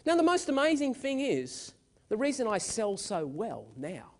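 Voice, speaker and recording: A man delivers a motivational keynote from a live stage. His voice sits very high and swings widely in pitch. He tells stories with punch and energy, leaning hard on key words. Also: a little slow. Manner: energetic, emphatic storyteller. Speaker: keynote speaker.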